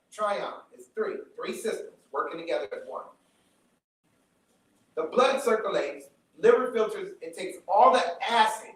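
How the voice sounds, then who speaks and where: A man giving a live lecture to a room audience, emphatic, repeating his points and checking in with the listeners. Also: high-pitched. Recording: very echoey room, mic from far off.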